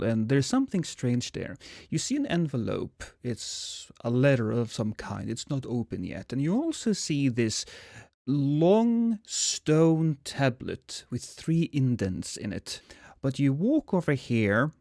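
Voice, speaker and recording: A man narrating a tabletop horror game as game master, slow and suspenseful with hesitations. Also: medium pitch, gravelly, a little mellow, no echo, studio quality.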